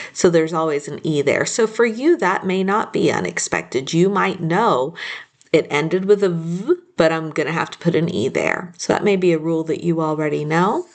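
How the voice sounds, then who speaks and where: A woman teaching a phonics spelling lesson, patiently sounding out each word. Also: on the low side. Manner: slow, patient, sounding out words.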